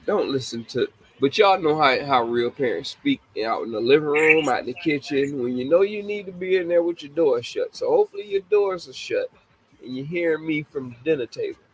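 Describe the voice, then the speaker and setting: A man's voice: fairly high pitch, lively intonation, brisk, slight background noise, poor audio. A man in his forties hosting a casual live talk show, laughing often and apologizing to young listeners he calls babies. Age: 40s. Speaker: show host.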